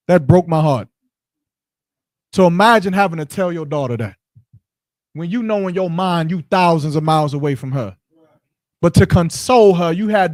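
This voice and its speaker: A man's voice: high-pitched, a little mellow, dry recording. A man teaching scripture in short punchy lines, asking rhetorical questions and directing a reader between verses. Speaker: Bible teacher. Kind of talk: street-style scripture teaching.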